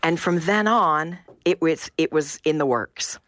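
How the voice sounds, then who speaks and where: A woman's voice: low-pitched, a little slow, fairly bright tone, dry recording. A woman from the United States, a theatre director, speaking enthusiastically and effusively over a phone line in a radio interview.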